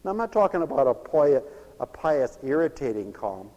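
Animated male preacher in an echoing hall. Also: mid-range voice, moderate pace, dull audio. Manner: animated, swings from loud to hushed; laughs between lines, folksy phrasing. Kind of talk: lively sermon. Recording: long hall reverb.

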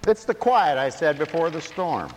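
A man preaching a sermon emphatically, dropping to quiet asides and rising to shouts. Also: on the high side, expressive, moderate pace, a little hiss or hum. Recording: echoey hall.

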